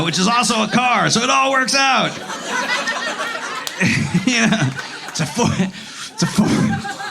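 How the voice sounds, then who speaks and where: Animated, gravelly-voiced stand-up comedian. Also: male voice, very high-pitched, slow pace, long pauses. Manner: profane, animated, laughing through lines. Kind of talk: stand-up comedy set with crowd work. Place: live comedy club.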